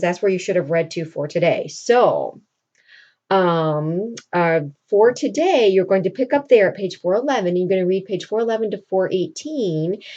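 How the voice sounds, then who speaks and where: A woman's voice: lowish voice, a little mellow. A woman teacher casually recapping a reading assignment for her students, in a chatty storytelling way with plenty of fillers. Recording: dull lo-fi recording.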